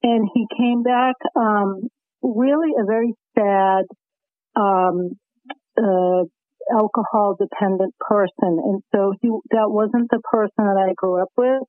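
A woman's voice: medium pitch, steady tone, a little slow, dry recording. A woman with a Boston accent calling in to a radio show, talking eagerly and earnestly. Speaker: caller. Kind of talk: call-in radio chat. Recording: phone line.

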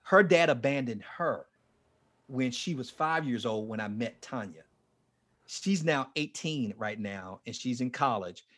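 A man in his forties, a ministry leader, telling his life story with strong emotion, dropping to a hush and then rising almost to a shout. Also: medium pitch, husky. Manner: passionate, swings from hushed to near-shouting. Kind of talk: emotional testimony in an interview.

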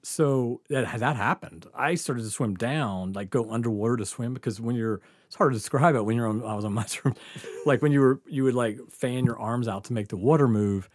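A man's voice: mid-range voice, a little fast, no room sound, clean studio sound. A man telling a rambling, laugh-filled story as a podcast guest, swearing freely and stumbling over his words. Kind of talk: casual storytelling.

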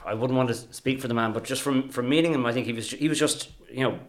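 A man speaking as a guest in a casual discussion, measured and careful with hedges. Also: mid-range voice. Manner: measured, hedging.

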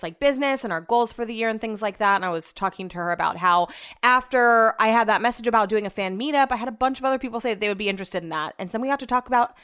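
A young woman hosts her own podcast in a casual solo monologue, spinning rambling, self-deprecating stories. Her medium-pitched voice is clear, resonant, and a bit bright.

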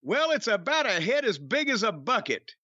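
A high, bright, forceful man co-hosting a podcast, talking in a gruff, sarcastic, profane way. His pitch swings widely as he rants. The recording is dry and a bit dull. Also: very animated, moderate pace, no echo. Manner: gruff, sarcastic, bursts into mock singing. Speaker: podcast co-host. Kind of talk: profane casual chat.

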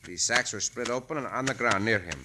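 An actor playing a calm, courteous Mexican caballero hero in an old radio drama. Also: male voice, mid-range voice, brisk, a little hiss or hum.

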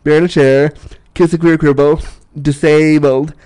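A man's voice: on the high side, level tone, unhurried, warm tone, clear, resonant tone. A man chatting casually and frankly as a disability sex educator, joking and laughing often. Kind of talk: casual podcast chat.

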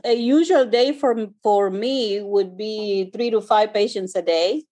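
A woman physician answering interview questions in a conversational way, pausing often and searching for words. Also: medium pitch, dark tone. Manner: hesitant, searching for words with many fillers. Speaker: physician guest.

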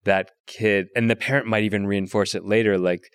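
A man with a fairly low voice hosts a relaxed interview, thinking out loud and ready with a joke. His voice is recorded dry and close, with no room sound. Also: brisk, smooth, no echo. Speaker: podcast host. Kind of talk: conversational interview.

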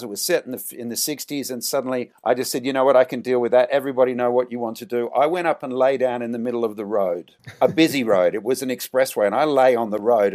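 A middle-aged Australian man, a film director, telling animated anecdotes in an interview and jumping up in pitch for quoted lines. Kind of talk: storytelling interview.

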